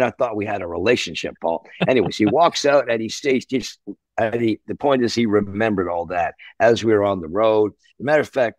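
Animated older man spinning rock stories. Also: mid-range voice, dry recording, studio quality. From Canada. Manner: animated, swears, acts out voices. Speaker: musician guest. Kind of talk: anecdote-telling interview.

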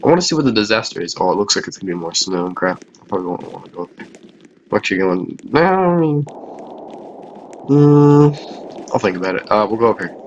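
A tired man giving rambling, chatty commentary over a video game, with quieter mumbled asides. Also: on the low side, expressive, brisk, dull audio, slight background noise. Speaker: gameplay commentator.

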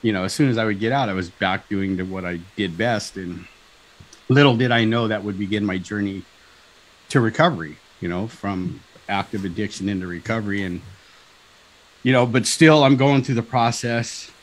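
Animated middle-aged man telling his story. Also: lowish voice, moderate pace, poor audio. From Southern California. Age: 50s. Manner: animated, acts out dialogue, frequent "right?" and "like". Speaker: guest. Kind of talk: personal storytelling on a talk show.

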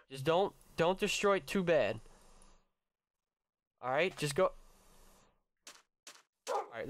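A young man hosting a let's-play, chatting excitedly with his viewers and his pet, cursing when startled. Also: on the high side. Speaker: gaming channel host. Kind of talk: casual let's-play commentary.

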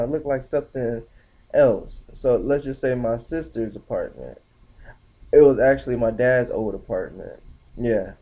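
A young man telling a story casually on his vlog, slangy and animated, acting out the other people's lines in shifting voices. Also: on the high side. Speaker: vlogger.

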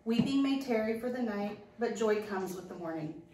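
A woman's voice: mid-range voice, expressive, normal speed, warm tone, slight background noise. Woman reading a psalm in a church. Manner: lifts her voice on the invocations. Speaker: psalm reader. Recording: echoey church from far off.

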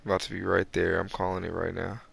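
A man giving live gameplay commentary on a close desk mic, excitable and boastful, with breathy asides to his viewers. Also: deep voice, quick pace. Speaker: gaming video creator. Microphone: close desk microphone.

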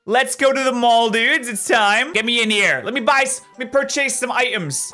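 A man doing casual gameplay commentary as a YouTuber, chatty and upbeat with quick asides, recorded at home in front of a green screen. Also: very high voice, bright, forceful tone, soft background music. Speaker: gaming YouTuber.

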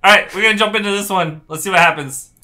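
A man's voice: high voice, quick pace, pushed and bright. A man co-hosting a music reaction video, chatting casually and teasing his co-host.

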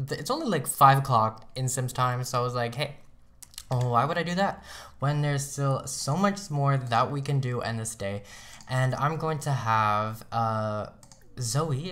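A man's voice: medium pitch, fairly bright tone. A young man casually commenting on his gameplay as a let's play host, chatty and rambling, often laughing at himself.

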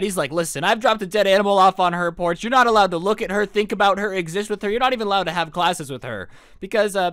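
A man's voice: high-pitched, a bit bright, clean tone, no echo, clean studio sound. A young man telling a storytime vlog, with a joking, sarcastic manner. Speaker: storytime YouTuber.

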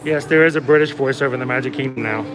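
A man's voice: mid-range voice, rapid-fire, music in the background. A man co-hosting a livestream, chatting casually and joking while walking through a theme park outdoors. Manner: joking, playful, laughs often. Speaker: livestream co-host.

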